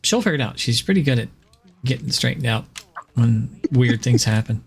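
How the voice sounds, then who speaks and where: A man's voice: mid-range voice, lively intonation, moderate pace, vocal fry, breathy edge. A man streaming and chatting casually, joking and laughing often. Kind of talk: casual chat.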